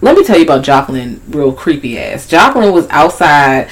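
A woman co-hosting a casual show recap, profane and animated, often acting out the characters. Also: low voice, brisk. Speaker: podcast co-host.

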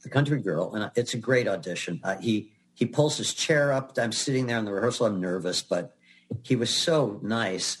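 An older man, a guest actor, telling chatty anecdotes in an interview with laughs and restarts. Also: on the low side. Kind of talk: storytelling in an interview.

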